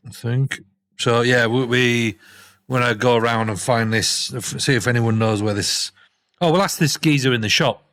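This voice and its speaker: A man, a player in a tabletop game, talking through plans casually and haltingly. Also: mid-range voice, a bit bright. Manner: casual, halting planning talk.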